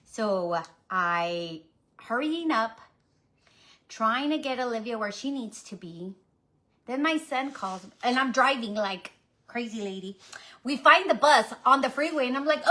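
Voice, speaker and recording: A chatty middle-aged woman from the Houston area recounts her hectic morning to her viewers. Her voice sits a little high, and she talks in an animated, rambling way. She keeps turning to the audience with "y'all.". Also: a little slow. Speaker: mother telling a story on a live stream. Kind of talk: casual storytelling.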